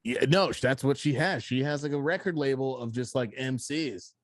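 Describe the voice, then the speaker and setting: A man co-hosting a podcast, chatting in a loud, profane, animated way. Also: medium pitch, normal speed, dry recording. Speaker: podcast co-host. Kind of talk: casual chat.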